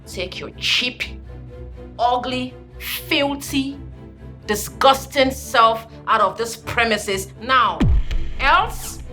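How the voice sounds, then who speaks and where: A woman's voice: on the high side, music in the background. An actress with a Nigerian accent playing a haughty woman throwing a rival out with contempt. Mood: contemptuous. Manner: contemptuous, slow. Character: haughty woman in charge, cruel and commanding.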